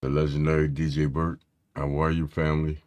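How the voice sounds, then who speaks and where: A man's voice: extremely low pitch, level tone, brisk, darkish tone, clear, resonant tone. A man hosting a casual tech live stream, loose and slangy, greeting his chat by name. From Philadelphia area.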